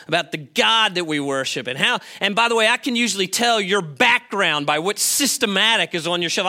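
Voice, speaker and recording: A male pastor delivers a conversational sermon in a church. His voice sits high and rings very bright, and he keeps checking in with the room. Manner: conversational, checks in with "okay?" and "all right?". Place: church sanctuary.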